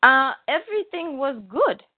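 A woman's voice: high-pitched, moderate pace, no room sound. Chatty woman on a phone-like line. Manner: animated storyteller, acts out quotes. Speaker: podcast co-host. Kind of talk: casual chat.

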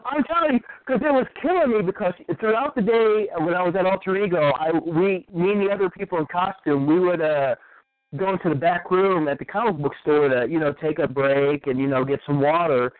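A man who is a podcast guest, chatting casually and rambling excitedly, laughing often. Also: high-pitched, fairly quick, no echo. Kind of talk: casual chat. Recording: phone-like narrow line, dry.

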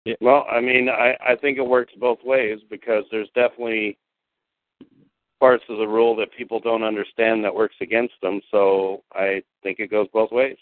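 A man's voice: lowish voice, little pitch movement, normal speed, no echo. A man co-hosting a casual sports podcast, speaking hesitantly with fillers. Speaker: podcast co-host. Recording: tinny phone-like line.

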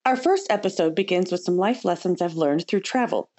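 A woman's voice: fairly low pitch, expressive, a little fast, a little mellow. Upbeat woman hosting a travel podcast. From United States. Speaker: podcast host. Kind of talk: scripted travel podcast narration.

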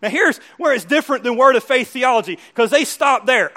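A man preaching a sermon as pastor, asking his listeners questions again and again and swinging from loud, emphatic peaks to soft, quiet asides. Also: sits high, animated, quick pace, hardly any pauses.

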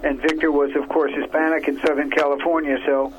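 Guy guest on the radio, storytelling, steady, lots of hiss behind. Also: on the high side, brisk.

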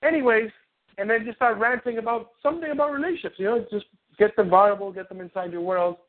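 A man coaching on a phone call, animated and rambling, acting out little scenes. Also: sits high, fast. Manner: animated, rambling, acts out quotes. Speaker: relationship coach. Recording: tinny phone line.

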